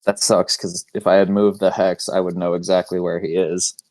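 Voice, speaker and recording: Man, game player, very low voice, casual with swearing, dry close recording. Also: flat delivery, moderate pace, darkish tone, no echo. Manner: casual, swears freely, describes his character's moves. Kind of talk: casual tabletop game play.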